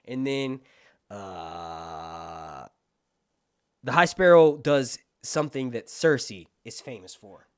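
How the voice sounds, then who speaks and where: A man's voice: medium pitch, slow pace, clean tone. A man hosting a casual livestream, talking in a chatty way and swearing freely. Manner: animated, profane, chatty. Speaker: YouTube host.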